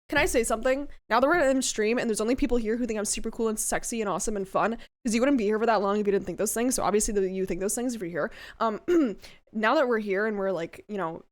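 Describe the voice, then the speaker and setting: A young woman streaming casually to her chat, giggly and prone to squealing laughter, swearing freely. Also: a little high. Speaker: VTuber streamer. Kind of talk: casual livestream chat with viewers.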